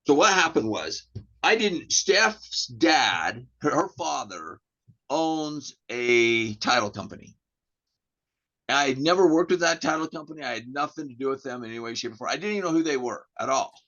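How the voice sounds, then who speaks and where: A man's voice: medium pitch, animated, moderate pace, pushed and bright. A man with an American accent telling a long story as a podcast guest, rambling with restarts and acting out the dialogue. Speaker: podcast guest, real estate agent. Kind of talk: casual storytelling in an interview. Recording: dull lo-fi audio.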